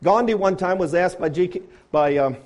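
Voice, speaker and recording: A man preaching a sermon, firing rhetorical questions and swinging between loud appeals and quiet, low asides. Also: moderate pace. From grew up on a farm.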